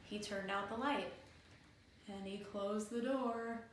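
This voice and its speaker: A woman librarian telling a folk tale for children, animated and inviting them to join in, in an echoey room from a distance. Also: medium pitch, takes it slowly. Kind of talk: children's storytime narration.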